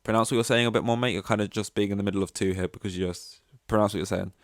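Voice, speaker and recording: A man's voice: fairly low pitch, steady tone, very fast, no echo. A man hosting a casual solo podcast, rambling with self-interrupting jokes and asides. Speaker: podcast host.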